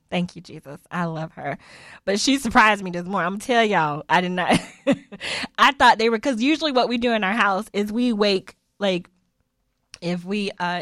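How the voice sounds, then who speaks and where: A woman in her forties talks through a personal story in a loose, chatty monologue, laughing often as she goes. Her voice sits at an ordinary middle pitch. The sound is close and dry, with no room around it. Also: a bit bright, no echo.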